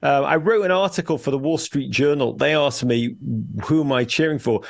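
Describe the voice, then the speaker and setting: Liverpool-accented man, gravelly, slightly high voice, exuberant and jokey guest on a sports talk show. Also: normal speed. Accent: Liverpool English. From Liverpool, England. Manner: exuberant, wordy, jokey storytelling. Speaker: guest, soccer podcast co-host. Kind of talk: animated radio interview chat.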